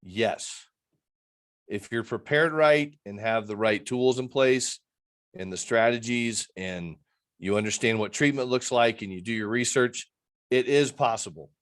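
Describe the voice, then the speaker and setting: Earnest man, mid-pitched, video call. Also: a little slow. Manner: rambling and earnest, acting out quoted people. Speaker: addiction interventionist guest. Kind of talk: interview over a video call.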